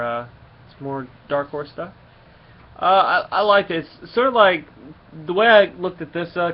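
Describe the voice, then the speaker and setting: A man casually reviewing a comic book and retelling its story in a rambling way, with many fillers. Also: fairly high pitch. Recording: slightly muffled, faint background hum.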